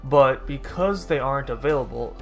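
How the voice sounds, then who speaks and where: A man's voice: mid-range voice, normal speed, faint music behind. A man giving casual, rambling commentary over his own gameplay, often correcting himself and dropping dry sarcastic asides. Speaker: gaming YouTuber.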